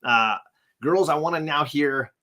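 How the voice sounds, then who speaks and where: A man's voice: fairly high pitch, unhurried, bright, forceful tone. A man hosting a charity livestream in casual chat. He rambles, uses many fillers and thanks donors by name. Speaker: livestream host.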